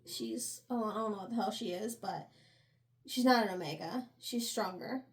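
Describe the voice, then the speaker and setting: A young woman co-hosting a casual book review chat, slangy and laughing, acting out characters in quick asides. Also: mid-range voice. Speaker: book review podcast co-host. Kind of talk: casual chat recapping a novel.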